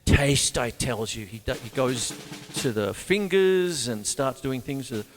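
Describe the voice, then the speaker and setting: A man with an Australian accent hosting a casual drum lesson, chatty and animated, counting beats aloud. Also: medium pitch, measured pace, big-room sound, faint music behind. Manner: animated, chatty, breaks into counting and scat sounds. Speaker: drum teacher and show host. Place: home room with a couch.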